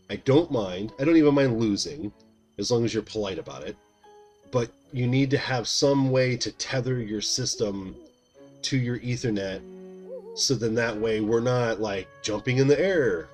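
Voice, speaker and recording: A worn-out man in his thirties chats loosely with his viewers while he plays, drifting from topic to topic at an everyday pitch. Game music runs clearly underneath his voice. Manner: rambling, chatty, talks to chat by name. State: tired. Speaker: game streamer. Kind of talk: casual chat while gaming.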